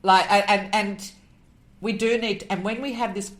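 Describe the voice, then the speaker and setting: A woman, a podcast guest, telling a personal story in an animated, emotional way and acting out the voices in it. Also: medium pitch, measured pace. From Australia. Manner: emotional, moved near tears.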